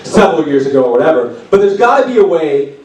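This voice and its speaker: A man voicing a group of jealous royal officials who scheme and flatter in a low, wheedling tone during a youth sermon. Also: quick pace. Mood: plotting. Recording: echoey room from far off.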